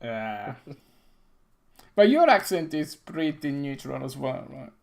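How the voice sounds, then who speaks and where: A middle-aged man hosting a game dev stream, chatting casually with halting, non-native phrasing and frequent restarts. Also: medium pitch, big pitch swings, gravelly, a little mellow. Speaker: game developer and stream host.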